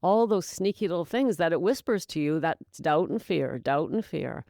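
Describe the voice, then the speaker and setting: A woman's voice: fairly low pitch, animated, normal speed, creaky, few pauses, warm tone, no echo, clean studio sound. A woman hosting a solo sobriety-coaching podcast, talking emphatically and encouragingly to her listener, calling them babe. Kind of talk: motivational solo podcast talk.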